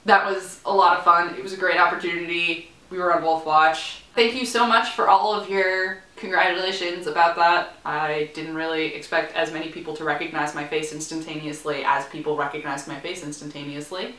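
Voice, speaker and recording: A young woman talks through a TV episode in a casual, rambling vlog full of playful asides. Her voice is bright and forceful and sits a little low. The room around her rings with echo. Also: steady tone, fairly quick, hardly any pauses. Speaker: vlogger. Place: room in a student building.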